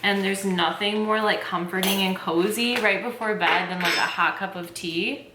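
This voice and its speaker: A young adult woman chatting excitedly to camera as a tea vlogger, filling her talk with "like". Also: mid-range voice, normal speed, echoey room, background noise. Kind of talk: casual chat to camera.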